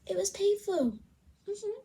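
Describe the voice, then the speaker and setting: A woman's voice: extremely high pitch, expressive, slow pace, dark tone. A woman chatting to camera in a casual, rambling vlog, often laughing as she talks. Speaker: vlogger.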